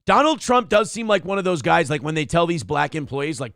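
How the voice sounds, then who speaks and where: Gravelly crude-joking male show host. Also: a little high, sing-song, a little fast, a bit bright, dry recording, clean studio sound. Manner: crude, joking, rambling storyteller. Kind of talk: casual comedic chat.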